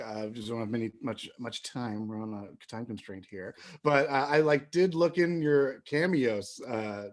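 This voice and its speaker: A man hosting a live-stream talk show, talking casually and briskly as he wraps up one guest and brings on the next. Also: medium pitch. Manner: casual, friendly, hurried wrap-up. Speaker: host.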